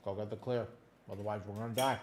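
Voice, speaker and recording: A man streaming a game, chatting casually with his viewers in quick, jumpy banter. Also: fairly low pitch, slight background noise. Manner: animated, jumpy banter with chat. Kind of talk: casual chat while gaming.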